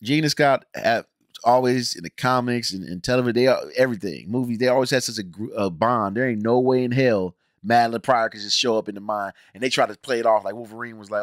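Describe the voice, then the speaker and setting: Brief: male reaction host, mid-pitched voice, emphatic slangy rant, dry close sound. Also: quick pace, no echo. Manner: animated, emphatic, slangy, frequent restarts. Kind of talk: casual ranting review.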